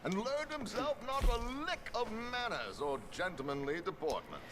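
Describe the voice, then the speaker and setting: A man's voice: high voice, animated, normal speed. An actor playing a stern man in a video game who fusses over someone's grooming and manners. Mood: disapproving. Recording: game audio under clear noise.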